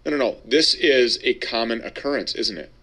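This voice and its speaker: A man's voice: mid-range voice, expressive, normal speed, pushed and bright. A man hosting a Christian talk show, introducing a guest and asking questions in an emphatic, preacher-like way. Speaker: host.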